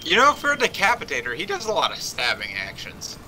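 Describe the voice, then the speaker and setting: A man's voice: on the high side, wildly swooping pitch, fairly quick, sharp tone, a little hiss or hum, rough recording. A man making short teasing quips while playing a co-op game with a friend. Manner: dry, teasing one-liners. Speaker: co-op gameplay commentator. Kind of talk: casual gaming chat.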